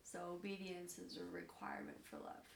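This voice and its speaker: Bible study member, woman, gravelly, steady scripture reader; distant, roomy recording. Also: on the low side, moderate pace. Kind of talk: reading scripture aloud. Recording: echoey room, from a distance, faint noise.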